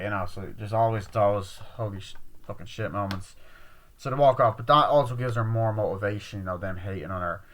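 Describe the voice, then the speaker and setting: A man's voice: lowish voice, steady tone, fast. A man giving a rambling, casual spoken film review, acting out lines from scenes with heavy swearing. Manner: retells scenes acting out shouted, swearing quotes; rambling with many fillers. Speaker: movie reviewer.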